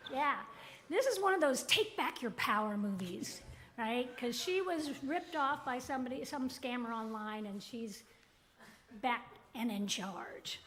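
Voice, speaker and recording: A woman's voice: sits high, a bit bright. A woman giving church announcements in an upbeat, joking way. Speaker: announcements presenter at a spiritual center.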